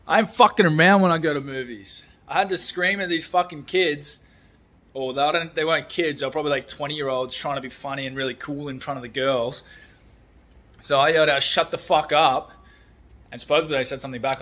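A man's voice: medium pitch, fairly even intonation, fast talker, sharp tone. A man vlogging in a casual, blunt, sweary way, ranting about a film and talking about his building work. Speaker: vlogger, construction worker. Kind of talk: casual chat.

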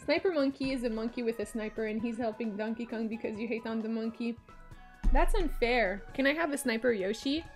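A woman's voice: a little high, brisk, soft background music. Giggly young Quebecois woman streaming a game. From Quebec, Canada. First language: Quebec French. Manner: rambling, self-mocking, swears freely, giggly. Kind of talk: casual gameplay chat.

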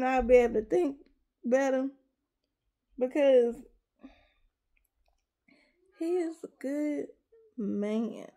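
High gravelly woman close to tears. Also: a little mellow. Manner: emotional, on the verge of tears, rambling with repeated words. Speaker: vlogger. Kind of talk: casual confessional chat to viewers.

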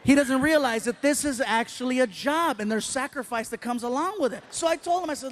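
A middle-aged man performing stand-up comedy on a live stage, telling an animated, playful story and acting out both sides of the dialogue. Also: very high voice, a little fast, few pauses, a little hiss or hum.

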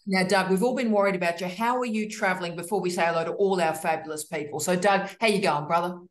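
Female host, effusive and teasing, roomy video call sound. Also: on the low side. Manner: effusive, teasing, fast greetings. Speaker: host of online office hours. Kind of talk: casual video call chat. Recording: roomy echo.

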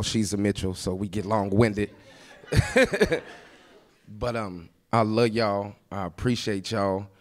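A man's voice: fairly low pitch, darkish tone. A man giving a rambling, emotional wedding toast as the groom's older brother, laughing between lines at a wedding reception.

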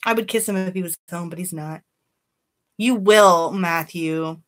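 A woman's voice: fairly low pitch, a little slow. A woman chatting casually on a beauty live stream, greeting viewers by name and giving candid opinions.

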